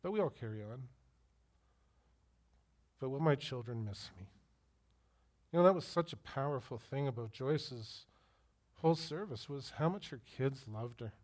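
A man's voice: mid-range voice, animated, normal speed, long pauses, darkish tone. Middle-aged male pastor telling stories. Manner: personal storytelling, direct questions to listeners. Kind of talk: sermon.

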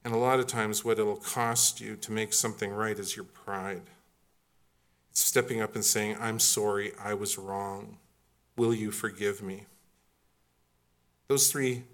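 A man's voice: lowish voice, fairly bright tone. A man preaching a sermon in a conversational, humorous and emphatic way. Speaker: pastor.

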